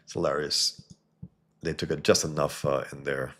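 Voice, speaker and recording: A man with a very deep, husky voice talks through a comic on his live stream. He rambles and digresses, starting sentences over and filling gaps with ums and uhs. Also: little pitch movement, normal speed, sharp tone. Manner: rambling, digressive, many fillers and restarts. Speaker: comic book reviewer and live stream host. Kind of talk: casual live-stream commentary and comic reading.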